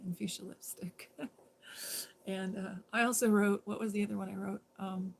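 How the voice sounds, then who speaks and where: A woman of middle pitch spins a long story on a livestream, rambling and animated. She voices the people in her story as she goes, and a faint hiss of noise sits under her voice. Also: normal speed, vocal fry. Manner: animated, rambling, quotes others in dialogue. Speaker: livestream host. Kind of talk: casual storytelling monologue.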